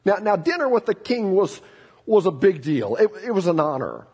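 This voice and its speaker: A middle-aged man preaching a sermon, telling the story in an animated way with frequent restarts. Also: high voice, normal speed, breathy edge. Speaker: pastor.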